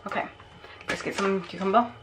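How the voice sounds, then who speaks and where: A woman vlogging at home in casual chat, excitable and swearing freely. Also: medium pitch, brisk, very noisy.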